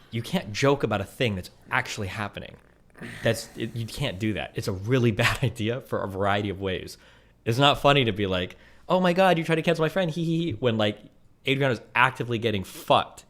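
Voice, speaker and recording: A man's voice: lowish voice, brisk, a bit bright. A man who is a parent, giving earnest, lecturing advice in casual commentary.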